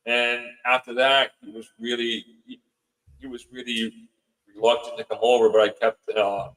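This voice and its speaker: A man, a podcast guest, telling a frightening story in a halting way, often repeating words. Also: mid-range voice, fairly bright tone, rough recording.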